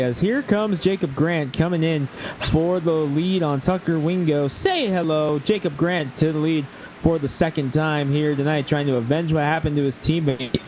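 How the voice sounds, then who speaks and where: A man's voice: fairly high pitch, darkish tone, poor audio. A man giving color commentary on a sim race over an online call, chatty and asking his partner questions. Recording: online call with faint noise.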